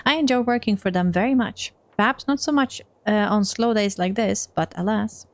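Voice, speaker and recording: A tough, sly orc woman working as a trade agent, dry and teasing. A Swedish woman reads her lines aloud from a game, stumbling over a word now and then. Her pitch sits in a plain middle range. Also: normal speed, dry recording, close to an everyday voice. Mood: matter-of-fact. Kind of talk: reading game dialogue aloud.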